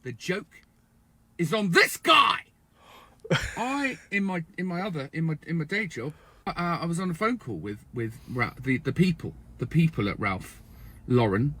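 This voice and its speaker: A man's voice: fairly high pitch, sing-song, a little slow, pushed and bright, slightly rough. A man from England with an English accent, ranting in a comic, exasperated way, with lots of swearing and stammering restarts. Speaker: TikTok creator. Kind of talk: comic rant to camera.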